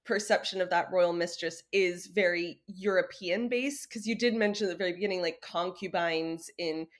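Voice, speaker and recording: A woman's voice: on the low side, moderate pace. A woman hosting a podcast, asking curious follow-up questions in a casual interview and laughing along with her guest. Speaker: podcast host.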